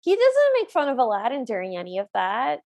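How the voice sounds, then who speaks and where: A podcast co-host with a high, bright-pitched voice chats casually with her friend. She speaks earnestly and says plainly what she does and doesn't like. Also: wildly swooping pitch, brisk, gravelly. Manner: earnest, opinionated, frank about likes and dislikes. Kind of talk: casual chat.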